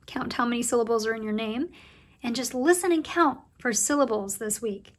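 A woman teaching a preschool circle time lesson, talking to young children in a cheerful, slow and encouraging way. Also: on the high side.

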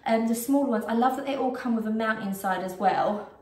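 Speaking fairly quickly in a slightly high voice, a British woman shows off a shopping haul in a casual home vlog, rambling with plenty of ums and a little breathless. The sound is echoey, recorded from a distant mic.

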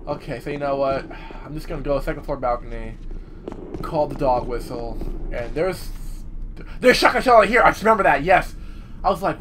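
A man giving profane, jumpy let's-play commentary, yelling at the game as he plays. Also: on the high side, lively intonation, fairly quick, pauses often, background noise. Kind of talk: gameplay commentary.

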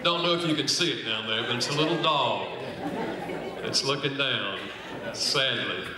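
A man giving a church seminar talk, folksy and humorous, slowing down to stress his points. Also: medium pitch, over a noisy crowd. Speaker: speaker on marriage and apology. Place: large echoing hall. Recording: very echoey hall.

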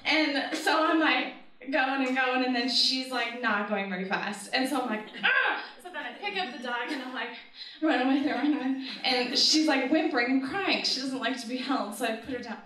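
Brisk and bright, her high voice carries a forceful tone as she recounts a true story onstage, giggling, chatting, and saying um often. It's a live event with listeners audible, captured on a far-off mic in a strongly echoing space.

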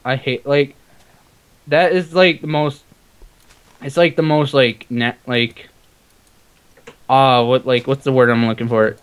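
A man's voice: medium pitch, fairly even intonation, takes it slowly, long pauses, clean tone. A man playing a block-building game with a friend, rambling and giggling with lots of "like". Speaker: co-player. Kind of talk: casual gaming chat over voice call.

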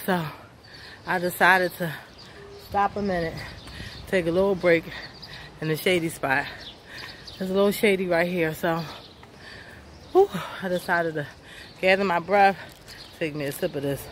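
A woman's voice: lowish voice, fairly bright tone, slight background noise. A woman vlogging outdoors while walking her neighborhood, out of breath and chatty, encouraging viewers to get up and move. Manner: encouraging, chatty, calls viewers honey and y'all. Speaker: fitness vlogger. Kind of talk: casual motivational vlog while walking. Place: outdoors on a sunny neighborhood street.

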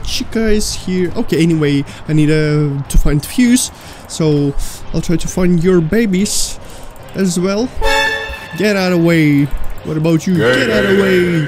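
Panicky gamer with slow, mellow speech. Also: mid-range voice. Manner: panicky, repeats words over and over; pleads with and scolds the game's monsters. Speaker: gamer playing a horror game. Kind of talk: live gameplay commentary.

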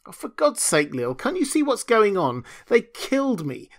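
Man voicing a belligerent man, sneering, shouting, high strained pitch. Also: wildly swooping pitch, normal speed, full character voice. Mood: outraged. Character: bitter, belligerent young man. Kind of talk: audiobook dialogue.

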